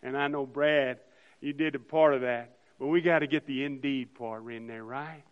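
A man preaching an Easter sermon as pastor, swinging from loud emphasis to soft, hushed lines. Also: medium pitch, steady tone, moderate pace, big-room sound, dull audio.

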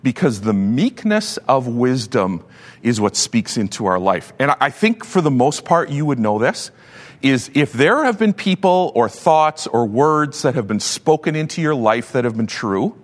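A man in his fifties, a pastor giving a sermon with animated, joking storytelling. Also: mid-range voice, a little slow. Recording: long hall reverb.

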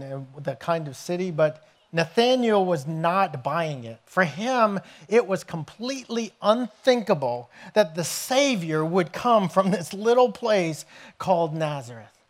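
A man preaching a sermon as pastor, telling scripture stories in an animated way and acting out the scenes. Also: high voice, unhurried. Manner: animated storytelling, acts out scenes with raised voice.

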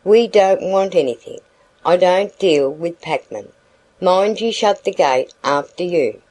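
Storybook matron, sharp-tongued and suspicious, prim scolding, voiced by a woman; low, mellow tone. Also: expressive, unhurried, rough recording. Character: severe suspicious older wife, sharp-tongued.

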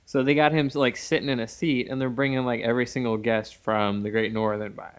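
A man co-hosting a podcast, recapping an episode in casual chat with deadpan quips. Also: medium pitch, brisk, smooth. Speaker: podcast co-host.

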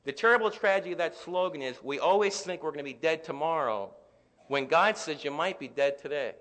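A man preaching a sermon as pastor, climbing to loud peaks and then dropping soft. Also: fairly high pitch, expressive, fairly quick. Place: church sanctuary. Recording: reverberant church hall.

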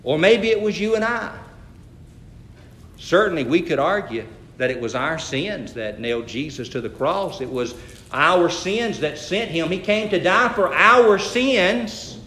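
Male pastor, sermon delivery, emphatic on scripture, bright tense tone, echoey room. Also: on the high side. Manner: storytelling, rising to emphatic scripture reading.

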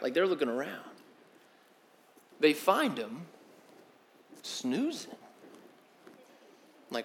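A young man preaching a sermon, telling the story in an animated, slangy way that swings from loud to hushed. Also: a little high, takes it slowly, long pauses, slight background noise. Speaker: pastor.

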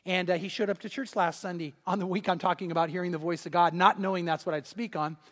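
A man preaching a sermon, telling a story and swinging between loud and hushed delivery. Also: high-pitched, steady tone, fast talker, long reverb tail. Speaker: pastor. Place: church hall.

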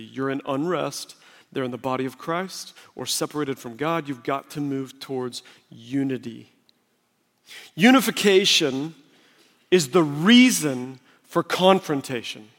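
High-voiced man preaching in a reverberant hall. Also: measured pace. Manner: emphatic, conversational preaching. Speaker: pastor. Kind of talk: sermon. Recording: long reverb of a large hall.

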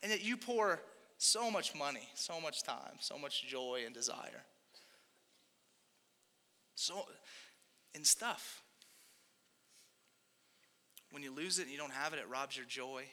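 A man's voice: on the high side, expressive, slow pace, long pauses, sharp tone. A young man preaching a sermon as pastor, in a conversational, rambling way with jokey asides and self-corrections. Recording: long hall reverb.

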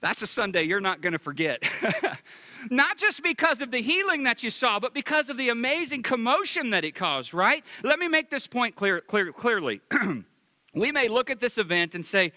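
A man's voice: very high-pitched, sing-song, moderate pace, pushed and bright, no room sound. A male pastor preaching a sermon with emphasis, repeating his key phrases.

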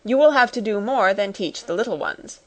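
A woman's voice: mid-range voice, expressive, normal speed, close to an everyday voice. A woman reading the part of a stern, domineering schoolmistress in a storybook, with a cold, commanding, scolding manner.

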